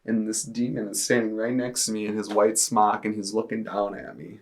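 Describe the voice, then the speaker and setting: Young man sharing a testimony, low gravelly voice, flat delivery, halting and earnest. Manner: earnest, halting retelling with many fillers. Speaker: testimony speaker. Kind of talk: personal testimony, storytelling.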